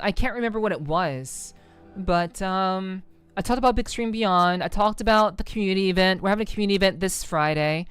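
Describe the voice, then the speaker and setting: Low-voiced woman streamer chatting loosely. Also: smooth, no room sound. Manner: rambling, lots of fillers and restarts, swears casually. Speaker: VTuber streamer. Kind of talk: casual stream chat reading comments.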